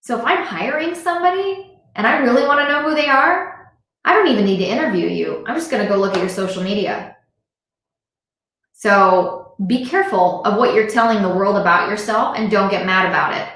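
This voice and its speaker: A woman's voice: mid-range voice, fairly quick, fairly bright tone. Woman livestreaming a pep talk, earnest, keeps repeating herself, big echoey room. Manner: earnest, repetitive, direct address to viewers. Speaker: motivational speaker. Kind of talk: live-streamed motivational talk. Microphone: device camera on a live stream.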